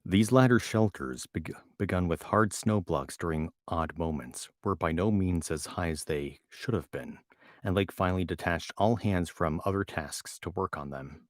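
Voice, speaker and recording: A man with a low voice reads a novel aloud into a home microphone. He often trips on a word and goes back to restart it. The sound is close and dry. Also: normal speed, dry recording. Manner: stumbles and restarts words often. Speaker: reader reacting to a novel. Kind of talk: reading aloud with asides.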